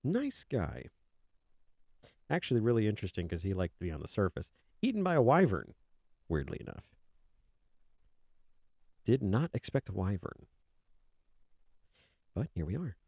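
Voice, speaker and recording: A man's voice: deep voice, very animated, moderate pace, creaky, long pauses, warm tone, slightly rough, no room sound, clean studio sound. A man chatting casually on a stream, rambling and joking as if he were a kobold. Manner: rambling, joking, speaks as a kobold in his own voice. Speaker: art streamer. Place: indoors at a desk.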